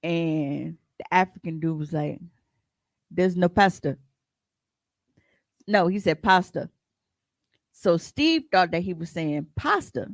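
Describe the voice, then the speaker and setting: A podcast co-host telling stories in a casual, profane and animated way, often breaking into laughs. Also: mid-range voice, a little slow, gravelly, no echo. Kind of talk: casual storytelling chat.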